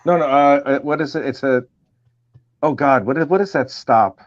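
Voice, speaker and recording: A man telling a story in a casual chat, halting and often starting his sentences over. His voice sits at a middling pitch, and the stream audio is dull and lo-fi. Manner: halting, with many restarts. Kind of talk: casual chat, recounting a memory.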